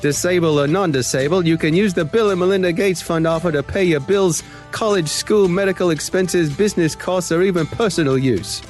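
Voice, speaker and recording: Man doing a pushy scammer, put-on Australian accent, higher pitch, salesy delivery. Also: expressive, moderate pace, soft background music, lightly acted. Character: pushy male Facebook scammer promising free grant money.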